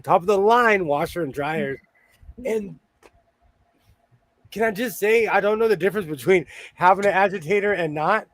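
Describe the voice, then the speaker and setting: Fairly high-voiced joking male host. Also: animated, measured pace, pauses often. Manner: jokey, rambling storyteller. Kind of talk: casual chat. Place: home sewing room.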